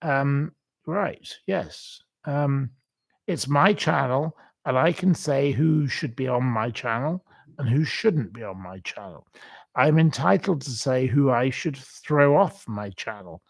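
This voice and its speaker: A man's voice: mid-range voice, expressive, slow pace, creaky. A man hosting a livestream, reading out viewer comments and ranting bluntly with repeated insults. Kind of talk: casual live-chat rant.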